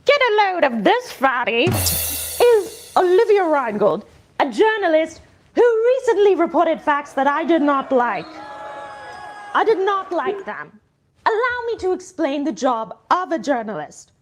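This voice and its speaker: A woman putting on a squeaky, Muppet-like voice to play a parody British late-night comedy host, with slow, exaggerated delivery. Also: big pitch swings, slight background noise, full character voice. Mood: snide. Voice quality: squeaky, Muppet-like put-on accent.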